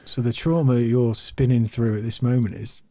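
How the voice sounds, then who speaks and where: A man's voice: mid-range voice, steady tone, moderate pace, dark tone, no echo, studio quality. A man hosting a podcast interview, asking hesitant, reflective questions. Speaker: podcast host. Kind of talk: casual interview.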